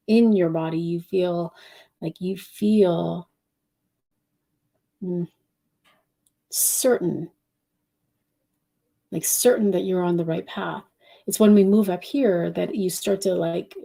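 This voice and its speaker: A woman giving an intuitive live-stream reading, speaking softly and directly to viewers, wandering between thoughts. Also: fairly low pitch, creaky. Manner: reads out viewer questions. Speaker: intuitive reader and channeler.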